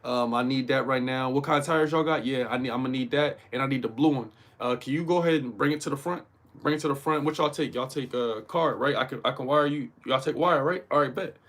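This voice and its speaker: A man's voice: mid-range voice, fast talker, a bit bright, natural voice. A man playing a cocky rich man buying a sports car, brash and confident as he rattles off demands.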